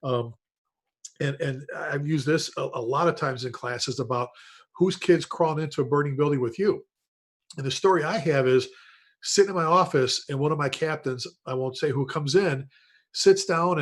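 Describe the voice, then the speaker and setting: A male host, a retired fire chief, leads a casual online panel over a video call. His voice sits a little higher than most men's, and he talks in a storytelling way, turning to each panelist by name.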